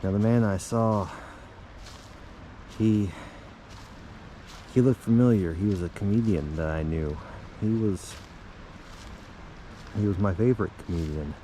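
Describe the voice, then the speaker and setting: A man spins a deadpan comic tall tale in an unhurried, low voice. His tone is mellow and dark, and he halts and restarts phrases as he rambles on. Faint noise sits under his voice. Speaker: storyteller.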